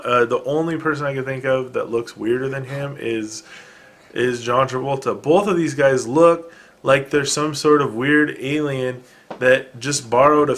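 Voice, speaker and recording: A man's voice: medium pitch, fairly bright tone. Rambling man hosting a solo podcast. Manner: rambling, wry, self-deprecating, many fillers and restarts. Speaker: podcast host. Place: home room with dogs present.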